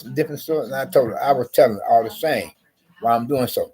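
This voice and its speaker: A man telling a story to camera in a rambling, profane, agitated rant, repeating himself and jumping up in pitch when he quotes his own comebacks. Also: fast, mellow, husky. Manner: profane, repetitive, agitated; rises sharply when quoting himself. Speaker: vlogger.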